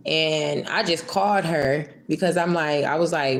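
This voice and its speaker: A woman's voice: deep voice, steady tone, moderate pace, few pauses. A young woman from Michigan vlogging a casual storytime, rambling and emotional, swearing freely.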